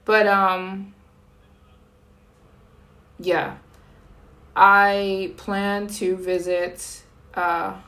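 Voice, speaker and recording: Slow-talking American woman live streaming. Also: mid-range voice, level tone, a bit bright. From United States. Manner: chatty, talks directly to viewers, greets and thanks chat. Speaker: travel vlogger live streaming. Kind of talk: casual live stream chat.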